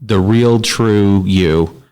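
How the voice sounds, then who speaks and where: A man hosting a podcast, asking questions in a slow, deliberate way. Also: on the low side, darkish tone, clear, resonant tone. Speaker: podcast host. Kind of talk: casual interview questions.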